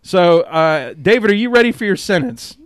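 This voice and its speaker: Lively podcast host. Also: male voice, sits high, normal speed, clean tone, no room sound, clean studio sound. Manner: giggly, filler-heavy. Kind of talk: casual podcast chat.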